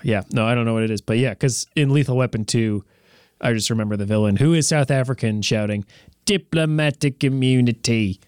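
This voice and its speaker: A man's voice: lowish voice, fast, a little mellow, dry recording, studio quality. A man in casual chat, rambling and joking with many fillers and restarts.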